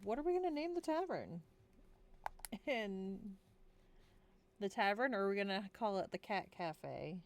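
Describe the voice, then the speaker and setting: A tired woman hosts a casual worldbuilding stream and giggles her way through it, breaking off to coo at her pets. She talks slowly in a mid-range voice over a faint hum of background noise. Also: mid-range voice, sing-song. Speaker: streamer running a worldbuilding session.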